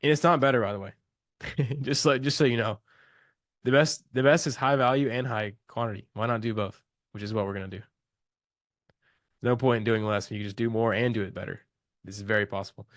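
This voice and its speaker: A man's voice: mid-range voice, fairly quick, long pauses, no room sound, clean studio sound. A young man coaching on a live call, loose and slangy, talking with enthusiasm and restarting his sentences.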